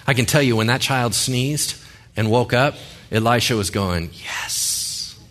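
A man's voice: medium pitch, fairly even intonation, normal speed, a bit bright. A male pastor giving a sermon in a conversational way, with joking asides and rhetorical questions.

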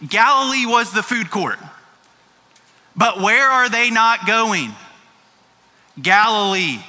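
A man's voice: high voice, animated, takes it slowly, pushed and bright. A man, a pastor, preaching a casual, chatty sermon with playful asides in a church sanctuary. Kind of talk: conversational sermon. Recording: long reverb of a large hall.

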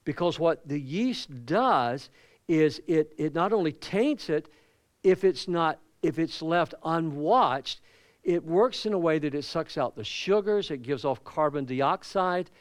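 This pastor's voice runs on the high side, free of echo, as he preaches in church. His sermon is full of stories, told in an animated way as he acts out the people in them.

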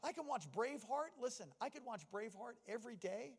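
A middle-aged man preaching a sermon, telling personal stories and moving from hushed confession to stirring exhortation. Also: very high voice, fast, husky. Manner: personal storytelling that swings from quiet to exhorting. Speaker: pastor. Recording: long reverb of a large hall.

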